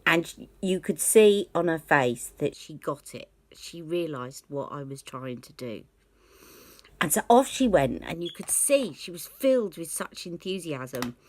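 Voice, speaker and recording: A woman's voice: low voice, sing-song, a little slow, no room sound. A woman vlogging about beauty, candidly recounting a personal story and acting out the conversations she remembers. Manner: candid, reflective, acts out remembered dialogue.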